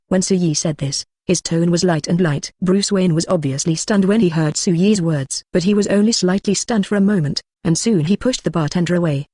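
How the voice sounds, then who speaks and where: A text-to-speech narrator reading a translated web novel at an even, mid-pitched level. The sound is dry and close, with no room around it. The delivery stays flat throughout. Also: a little fast, hardly any pauses, dry recording. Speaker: audiobook narrator.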